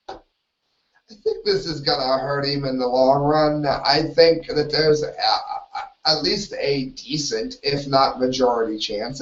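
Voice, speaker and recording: A man's voice: a little high, a bit bright. A man hosting a solo live talk show, rambling and opinionated, often stopping himself mid-sentence. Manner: rambling, opinionated, self-interrupting. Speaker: host. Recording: roomy, distant, dull lo-fi audio.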